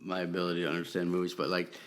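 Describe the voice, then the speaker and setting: A man with a fairly low voice co-hosts a casual podcast. He stammers and repeats words, often second-guessing himself. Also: monotone, very fast, a bit bright, a little hiss or hum. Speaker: podcast co-host. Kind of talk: casual chat.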